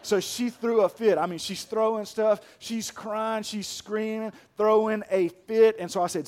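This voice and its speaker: A pastor in his thirties preaching a sermon, emphatic and deliberate, then soft and hushed as he tells a personal story. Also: sits high.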